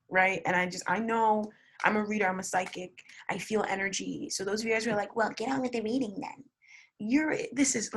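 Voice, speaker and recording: A woman's voice: mid-range voice, fairly bright tone, breathy edge. A young woman giving a casual tarot reading, blunt and swearing, repeating words for emphasis. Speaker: tarot reader.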